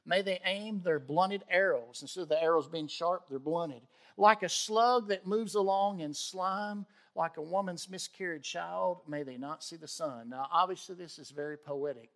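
A man preaching a sermon in a conversational way, rising in force on key points. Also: fairly high pitch. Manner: conversational preaching, rises with emphasis, frequent restarts. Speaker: pastor.

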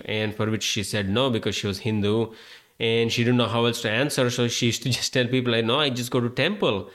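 A man's voice: medium pitch, fairly bright tone. Rambling Indian-accented man hosting a podcast. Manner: rambling, profane, heavy on filler words. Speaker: podcast host. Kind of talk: casual monologue.

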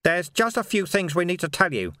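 A man voicing a calm, patient old male monk who speaks in a matter-of-fact way. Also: high-pitched, a little fast, dry recording, clean studio sound, pitched above the performer's own voice, heavily acted.

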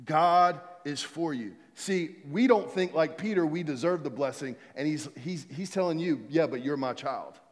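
A man's voice: a little high, normal speed, few pauses. Emphatic preaching man, reverberant hall. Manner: emphatic, repeats key phrases, leads the congregation in call-and-response. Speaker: pastor. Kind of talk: sermon.

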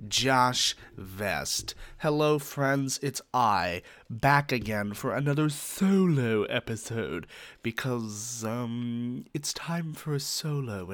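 A man's voice: medium pitch, fairly bright tone, no room sound. A man hosting his own podcast alone, talking casually and rambling with many ums and uhs, poking fun at himself. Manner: self-mocking, joking. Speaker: podcast host; teacher. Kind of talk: casual solo podcast chat.

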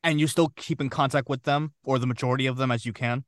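Relaxed male podcast host, mid-pitched, conversational interviewer, dry close sound. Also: quick pace, no room sound.

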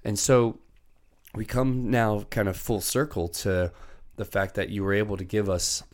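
A man's voice: lowish voice, fairly even intonation, measured pace. A man hosting a podcast, reflective and casual, with frequent restarts. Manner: reflective, repeats himself with restarts. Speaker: podcast host. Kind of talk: casual interview questions.

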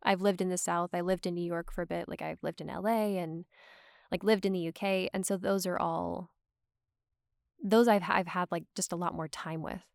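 A woman's voice: on the low side, fairly even intonation, normal speed, gravelly, no echo, clean studio sound. A woman talking in a casual chat, full of "like" and "um" fillers. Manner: chatty, lots of "like" and "um" fillers.

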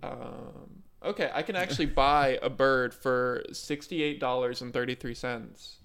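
A man co-hosting a podcast, chatting casually with quick, wry comebacks. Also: medium pitch, creaky, a bit bright, smooth. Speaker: podcast co-host. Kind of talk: casual comedic chat.

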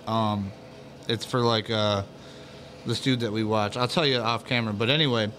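A man co-hosting a casual podcast from a garage, telling stories loudly and profanely, a little tipsy from drinks. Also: on the low side, normal speed, slight background noise. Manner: loud, profane, animated storyteller. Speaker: podcast co-host. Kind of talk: casual chat.

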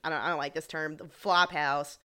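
A woman with a somewhat low voice chats through a TV episode recap. Her delivery is casual and wry, with laughs scattered through. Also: steady tone, brisk, pushed and bright, clean tone. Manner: wry, laughing, acts out quotes. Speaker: podcast co-host.

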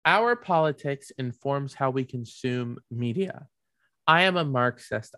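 A man's voice: mid-range voice, a little slow, bright, forceful tone, dry recording, clean studio sound. A man giving ranting commentary, heated and profane, rambling with many fillers and restarts.

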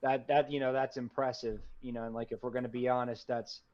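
A man's voice: medium pitch, flat delivery, fairly quick. A man co-hosting a podcast in casual sports chat, rambling with many fillers like "you know". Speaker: podcast co-host. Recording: dull lo-fi recording.

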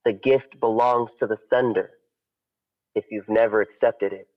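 A man voicing a calm, wise old kung fu master who speaks in measured words. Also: on the low side, voice pushed down, close to an everyday voice. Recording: dull lo-fi audio.

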